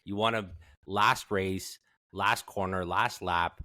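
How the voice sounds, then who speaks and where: A man's voice: deep voice, fairly even intonation, takes it slowly, sharp tone, no room sound, studio quality. A man hosting a casual podcast, joking and cursing while he steers the conversation. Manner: joking, profane, steers the talk. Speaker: podcast host. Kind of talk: casual chat.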